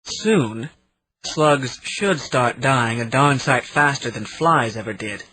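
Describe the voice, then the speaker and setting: A man narrating an audiobook in the first person, in a steady reading manner. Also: mid-range voice, takes it slowly, slight background noise, rough recording. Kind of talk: scripted narration.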